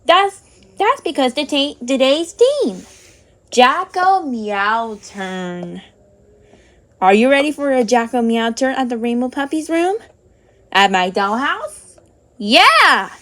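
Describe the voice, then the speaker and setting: A woman's voice: high-pitched, sing-song, moderate pace. A woman narrating a toy play story for children, gasping and drawn out in a sing-song way.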